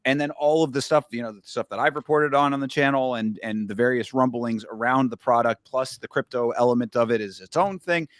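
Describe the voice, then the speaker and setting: A man's voice: medium pitch, a little fast, hardly any pauses, no echo, studio quality. A man hosting a casual podcast, talking in a rambling way with many restarts and asides. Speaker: podcast host. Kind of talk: casual chat.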